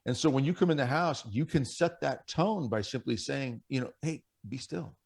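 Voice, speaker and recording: A man's voice: medium pitch, expressive, moderate pace. A middle-aged man, a guest on a Catholic radio show, telling stories and earnestly urging other men on over a studio microphone. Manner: earnest, exhorting, anecdotal. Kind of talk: conversational faith radio talk.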